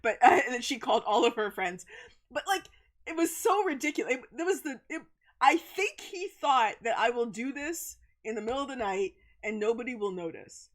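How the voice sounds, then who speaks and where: A woman's voice: fairly high pitch, normal speed. A middle-aged woman chatting casually on a livestream, telling a story with lots of laughter and swearing. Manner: animated storytelling, laughs often, swears freely.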